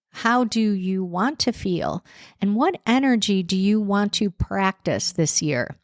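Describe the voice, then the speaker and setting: A woman life coach hosts her solo podcast in an encouraging tone, asking her listeners one question after another. She talks slowly and deliberately, with a hint of a lingering cold. The recording is dry and close, with no room sound. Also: mid-range voice, animated, no room sound. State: recovering from a cold.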